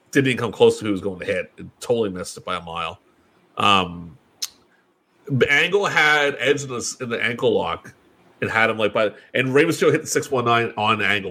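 A man co-hosting a casual chat show, blunt and profane, who swings between mumbled asides and loud outbursts. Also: medium pitch. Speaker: podcast co-host.

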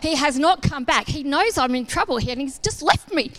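Giving her testimony during a sermon, this woman speaks in a brisk, high voice. Casual and self-deprecating, she tells her story with energy and performs each line of dialogue as a church speaker.

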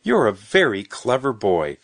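A man voicing a kind little girl who speaks gently and coaxingly. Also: medium pitch, wildly swooping pitch, measured pace, no room sound, exaggerated voice. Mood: gentle, coaxing.

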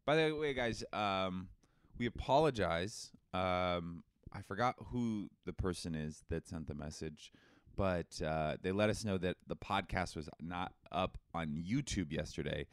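Playful low-voiced male podcast co-host. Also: a little slow, smooth, no room sound, studio quality. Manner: joking, rambling, playful. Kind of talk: casual comedy podcast chat.

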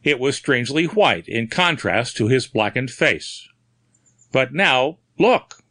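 A man's voice: mid-range voice, expressive, takes it slowly, sharp tone, no echo, pitched above the performer's own voice, heavily acted. A man voicing a puzzled, brusque middle-aged doctor in a storybook reading. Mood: grave.

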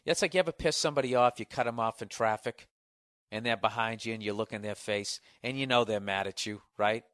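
A man hosting his own podcast, delivering a loud, sarcastic comedic rant full of swearing. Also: on the low side, brisk, no echo, studio quality. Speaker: podcast host. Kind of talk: profane comedic monologue.

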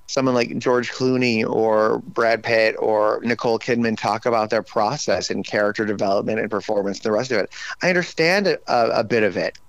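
A man's voice: fairly low pitch, a little fast, hardly any pauses, dry recording, lo-fi sound. A man in his forties, his voice tired and slightly strained, chatting casually in an interview and acting out his own frustrated outbursts. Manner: animated, acts out his own outbursts in raised voice. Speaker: guest.

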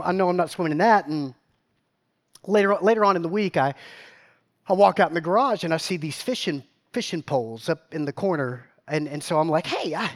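A man with a drawl preaches from the pulpit in a fairly high voice. He tells his story in an animated, rambling way, doubling back on his words. He keeps checking in with the congregation as he goes. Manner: animated, repeats words, asks the crowd questions. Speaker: pastor. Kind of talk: storytelling sermon.

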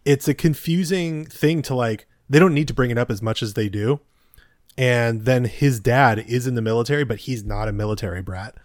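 A man's voice: medium pitch, moderate pace, no echo, studio quality. A man in casual chat who adds critical asides while talking through a movie. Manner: analytical, talks over and adds critical asides.

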